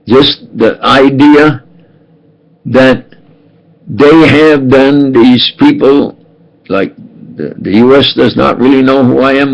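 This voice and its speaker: A man in his eighties in a rambling, aggrieved monologue, halting and repeating himself. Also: medium pitch, creaky, highs cut off. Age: 80s. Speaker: self-published speaker.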